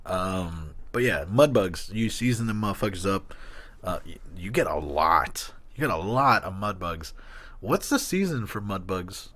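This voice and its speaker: Animated joking podcast man. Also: low voice, unhurried. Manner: joking, swears freely, animated. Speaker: podcast co-host. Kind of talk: casual chat.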